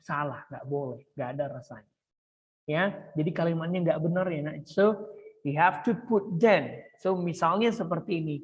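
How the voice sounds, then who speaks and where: A man's voice: a little high, a little fast. Male teacher with an Indonesian accent, online lesson, coaxing and bilingual, echoey long-reverb sound. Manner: switches between English and Indonesian, coaxing questions to students. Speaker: English teacher. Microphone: video call.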